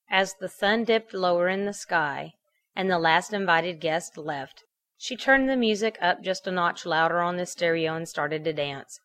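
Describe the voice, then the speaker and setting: A woman's voice: fairly low pitch, fairly bright tone. Woman reading a fan fiction story.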